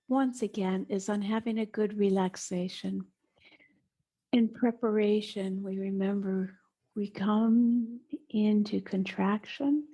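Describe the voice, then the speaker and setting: Slow, gravelly-voiced woman teaching movement. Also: mid-range voice. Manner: slow, soothing instructions with soft breathy asides. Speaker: eurythmy teacher. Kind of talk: guided movement lesson. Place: indoor room, small.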